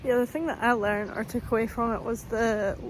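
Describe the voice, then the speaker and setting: A young woman vlogs on the go, chatting casually and thinking aloud with fillers and giggles. Her voice sits a touch high, and clear background noise from the surroundings runs under everything she says. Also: fairly even intonation, brisk, poor audio. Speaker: travel vlogger. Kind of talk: casual chat while sightseeing. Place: walking outdoors and through a museum, filming on a camera.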